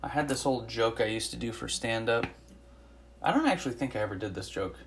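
A woman's voice: a bass voice, lively intonation, brisk, slight background noise. A woman hosting a podcast in a casual monologue, ranting with sarcasm and lots of swearing and rambling between topics. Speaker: podcast host; former stand-up comic.

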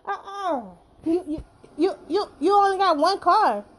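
A woman putting on a shrill, sassy voice that taunts a man. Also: very animated, normal speed. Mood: mocking. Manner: shrill, taunting, sing-song.

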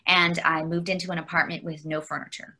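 A woman from Canada, a guest on an interview, telling a personal story candidly, halting with fillers and restarts and laughing often. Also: fairly low pitch, level tone, pushed and bright.

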